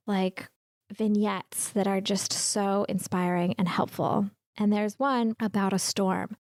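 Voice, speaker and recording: On the podcast she hosts, a woman in her thirties offers a candid personal reflection, emotional and sometimes tearful. Her voice is medium-pitched, creaky and darkish, captured in a dry recording.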